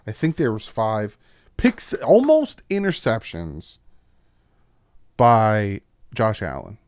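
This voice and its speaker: Low-pitched guy doing football film breakdown, chatty and opinionated, dry recording. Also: slow, clean tone, no room sound. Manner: animated, opinionated fan commentary with frequent asides. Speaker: YouTube football film-study host. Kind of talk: casual game film breakdown.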